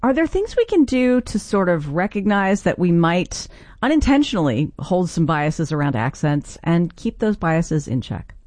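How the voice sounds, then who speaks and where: Middle-aged female public radio host, measured interview delivery, dry close mic. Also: on the low side, very animated, a little mellow, no room sound. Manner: measured, scripted introductions and questions.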